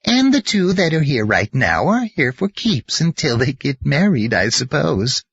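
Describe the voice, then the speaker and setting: Sweet old grandma landlady, man doing her, chatty, pitch swoops around, slow, breathy. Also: very animated, no room sound, highs cut off, heavily acted. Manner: chatty, gentle, homey.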